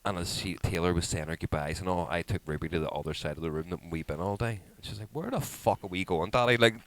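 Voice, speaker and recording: A man in his thirties co-hosts a podcast, telling a story in casual chat at a fast clip. He's an animated storyteller who swears a lot and acts out others' lines in high voices, captured in a low-quality recording.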